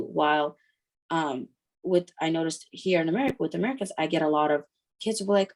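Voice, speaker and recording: A woman's voice: deep voice, quick pace. A woman from Ukraine, a guest in a casual interview, telling stories and acting out the voices of people she quotes. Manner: lively storytelling that acts out quoted voices. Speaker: guest, mother.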